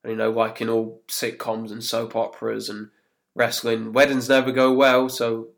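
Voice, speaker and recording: A man's voice: medium pitch, completely flat delivery, moderate pace, vocal fry. A man, hosting a podcast and recapping an episode in a chatty way. He laughs often and acts out quotes as he goes. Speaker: podcast host. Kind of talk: casual chat recapping an episode.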